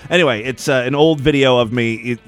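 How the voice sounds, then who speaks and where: A man's voice: mid-range voice, a little fast, clear, resonant tone, soft background music. A man hosting a crude comedy podcast, talking in an irreverent, rambling, sarcastic way. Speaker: podcast host. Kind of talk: crude comedic news and voicemail show.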